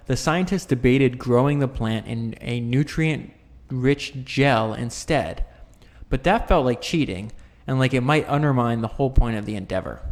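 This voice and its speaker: A man reading a nonfiction book aloud, breaking off for casual asides and often stumbling and correcting himself mid-sentence. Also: mid-range voice. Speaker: book reader and commentator. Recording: long reverberant room echo.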